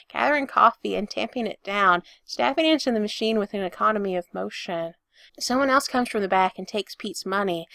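A woman reading fiction aloud as narrator in an even, intimate storytelling manner. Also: mid-range voice, vocal fry, no echo, studio quality.

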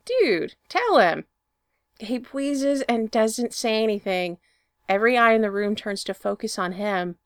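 A woman narrating fan fiction in an expressive storybook reading. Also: on the high side, moderate pace, clean tone, dry recording, studio quality.

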